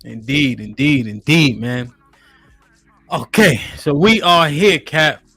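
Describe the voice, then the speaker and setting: A man's voice: on the high side, slow pace, bright, forceful tone, husky, soft background music. A man hosting a live-stream podcast, talking in a laid-back, slangy way. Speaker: host. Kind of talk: casual live-stream chat. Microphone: studio microphone.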